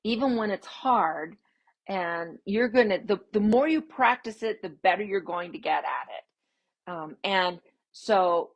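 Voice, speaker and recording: Expressive woman hosting a live video. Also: mid-range voice, measured pace, muffled recording. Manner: expressive, swooping upbeat emphasis with laughs. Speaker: podcast host and parenting coach. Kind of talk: casual live-stream talk to viewers.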